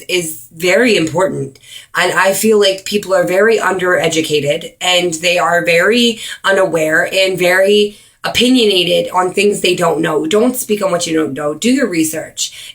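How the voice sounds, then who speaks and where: Earnest woman talking to her camera, kinda low voice, lots of ums, slows way down to stress a point. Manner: earnest, frequent ums, speeds up and slows down for emphasis. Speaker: vlogger. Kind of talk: earnest direct-to-camera awareness talk.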